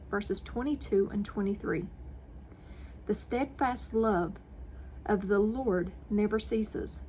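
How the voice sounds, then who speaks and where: A woman hosting a morning devotional, reading scripture verses and a reflection in a deliberate, earnest way with stressed phrases. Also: mid-range voice, darkish tone, a little hiss or hum. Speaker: devotional channel host.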